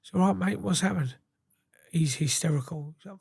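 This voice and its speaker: A man's voice: sits high, normal speed, gravelly, a little mellow, breathy edge, no room sound, clean studio sound. A man, a guest telling a story in a casual, blunt way, swearing freely and acting out what others said. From England. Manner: blunt, sweary, acts out quoted dialogue.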